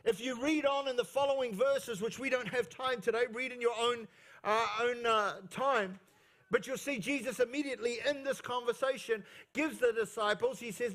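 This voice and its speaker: A man's voice: very high voice, fairly even intonation, moderate pace, fairly bright tone. A male pastor preaching a sermon at a church service into a stage microphone, emphatic, repeating key phrases, with playful asides. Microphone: fixed microphone on stage.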